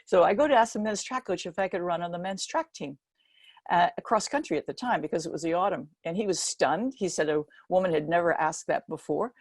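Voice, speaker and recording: Woman in her seventies giving a pep-talk speech, tells it with lots of life, kinda low voice, dry recording. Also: fairly quick, no echo. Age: 70s. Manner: lively storyteller who acts out the quoted voices. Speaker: guest speaker. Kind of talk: motivational storytelling speech.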